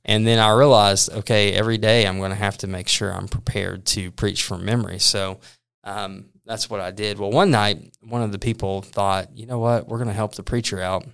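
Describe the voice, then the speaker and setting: A man, a preacher, casually telling a funny story about his travels, animated and self-deprecating, laughing often. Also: on the low side, a little fast, gravelly, smooth.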